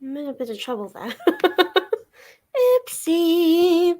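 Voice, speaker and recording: A young woman talks casually to her viewers from her living room. Her voice sits fairly high. She rambles, laughs easily and drops the odd swear word. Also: fast, darkish tone. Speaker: livestream host. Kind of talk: casual chat while reading chat aloud.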